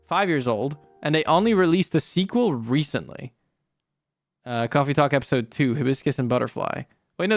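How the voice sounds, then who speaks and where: Rambling streamer with a lively voice. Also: medium pitch, dry recording, studio quality. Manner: rambling, self-correcting, swears casually. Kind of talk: casual game commentary.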